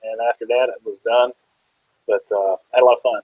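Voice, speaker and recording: A man's voice: mid-range voice, fairly even intonation, fairly quick, husky, no echo, phone-quality sound. A man guest in a casual interview, telling easygoing, joking stories.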